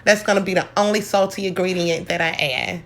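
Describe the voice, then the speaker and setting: Middle-aged woman, gravelly tone, folksy chatty home cook. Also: lowish voice, steady tone, a little fast, a bit bright. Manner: chatty, folksy, addresses viewers as y'all. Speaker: home cooking vlogger. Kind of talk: casual cooking demonstration.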